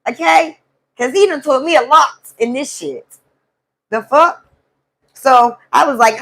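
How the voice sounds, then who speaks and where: High-voiced woman venting. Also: moderate pace. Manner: animated, profane storytelling to a live chat. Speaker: live stream host. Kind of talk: casual venting monologue.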